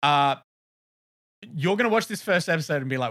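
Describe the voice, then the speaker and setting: A young South Australian man with a bright, slightly high voice, chatting casually as a podcast co-host. He rambles from one point to the next, laughs easily and swears offhandedly. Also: animated, brisk. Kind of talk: casual chat.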